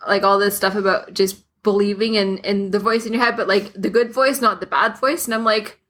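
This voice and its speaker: A woman chatting as a podcast guest, wry and quick to laugh. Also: mid-range voice, fairly even intonation, fairly bright tone. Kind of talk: casual podcast chat.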